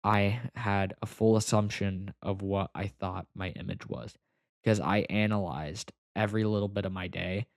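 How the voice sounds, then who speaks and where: A young man telling a personal story to the camera, halting and full of fillers, close to tears at times. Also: fairly low pitch, steady tone, vocal fry, dry recording. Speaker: vlogger.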